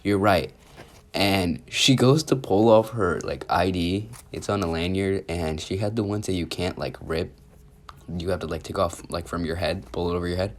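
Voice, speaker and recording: A man with a cold and a sore throat talks through a story in a loose, rambling way. His voice sits very low, and he fills his sentences with casual fillers. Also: moderate pace. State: sick, sore throat, sniffling. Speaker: youtuber. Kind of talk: storytime vlog.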